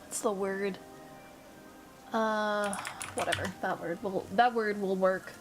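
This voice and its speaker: Unhurried young woman chatting with her stream. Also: mid-range voice. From American South. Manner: relaxed, chatty, thinking aloud. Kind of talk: casual chat with live viewers. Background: faint background music.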